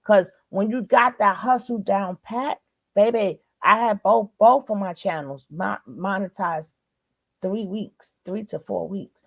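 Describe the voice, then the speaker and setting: With an unhurried, creaky, mid-range voice, this Brooklyn-born livestream host keeps a casual chat going in her local accent. She's warm and talkative, calling everyone baby and darling, and the audio is dull.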